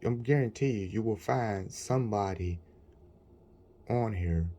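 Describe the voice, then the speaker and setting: Gravelly-voiced man with AAVE, ranting. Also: fairly low pitch, a little slow, mellow. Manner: rambling, indignant storytelling. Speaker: vlogger. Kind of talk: casual complaint vlog.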